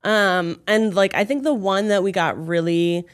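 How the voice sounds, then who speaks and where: A young adult woman in casual podcast chat, recounting events with lively acted-out quotes. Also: medium pitch, a little slow. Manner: animated storyteller, acts out quotes loudly. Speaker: podcast co-host telling her birth story.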